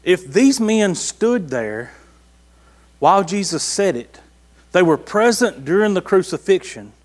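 A man preaching in a high, light voice. He talks to his congregation in a folksy, conversational way, reading a passage and then pressing it home with rhetorical questions. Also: sing-song, a little slow. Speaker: pastor. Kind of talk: sermon.

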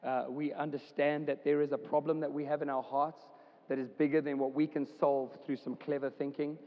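In a church hall, a pastor delivers a relaxed, chatty sermon full of filler words. His voice is slightly high, level and fairly quick, while the recording sounds dull with a long hall echo.

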